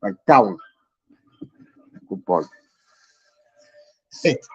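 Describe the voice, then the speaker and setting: Talk like a loud, swearing bloke. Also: male voice, lowish voice, expressive, very slow, slightly rough, no room sound. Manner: chatty, loud, swears a lot. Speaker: vlogger. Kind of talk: casual vlog while on hold to a phone company. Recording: slightly dull recording with faint music.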